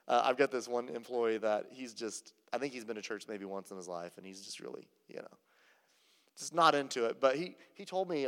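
A man's voice: mid-range voice, a bit bright, in a large hall. A man preaching a sermon in a conversational, storytelling way, with many casual fillers. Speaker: pastor.

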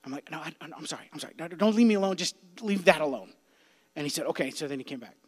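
A man preaching a youth sermon as a pastor, impassioned, swinging between hushed whispers and loud cries. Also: a little high, lively intonation, fast talker, breathy edge. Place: church sanctuary. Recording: long hall reverb.

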